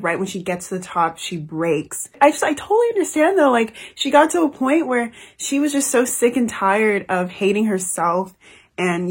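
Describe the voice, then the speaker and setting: Emotional young woman with a husky voice. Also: medium pitch. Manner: gushing, emotional, swears freely. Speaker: book reviewer. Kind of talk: casual book review chat.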